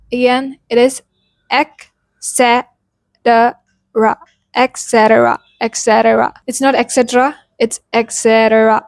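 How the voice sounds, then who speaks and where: A young woman with an Indian English accent teaching an accent lesson, explaining step by step and repeating words slowly to show each sound. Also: a little high, no echo. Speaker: accent coach. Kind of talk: pronunciation lesson.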